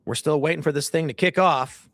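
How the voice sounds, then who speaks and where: A man's voice: a little high, a little fast, fairly bright tone, no room sound. A man in his thirties hosting a livestream, rambling casually and reading chat aloud with joking mock voices. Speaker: livestream host.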